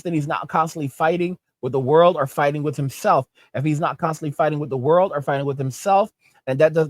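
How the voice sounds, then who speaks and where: A man's voice: on the high side, no room sound. A man hosting his own channel, delivering an emphatic, repetitive opinion rant and often checking in with "okay?". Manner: emphatic, repetitive, tag questions. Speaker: channel host.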